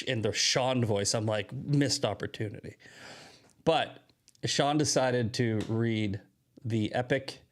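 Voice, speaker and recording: A man hosting a show, chatting casually and quickly with rambling asides. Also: medium pitch. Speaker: show host.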